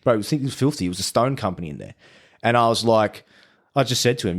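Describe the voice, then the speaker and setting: A man's voice: medium pitch, expressive, quick pace. A man who is a podcast guest tells his story in casual chat. He swears freely and often restarts his sentences.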